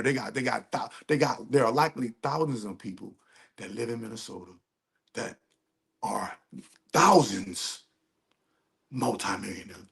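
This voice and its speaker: A man with a gravelly, fry-edged voice talks over a video he is reacting to. His delivery is animated and profane, and he reads search results aloud as he goes. It is casual stream commentary. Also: medium pitch, normal speed.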